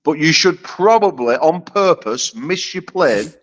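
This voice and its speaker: A man's voice: a little high, expressive, measured pace, rough recording. A British man trash-talking in a brash, profane, casual chat as a guest on a video call. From United Kingdom. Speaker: arm wrestler guest.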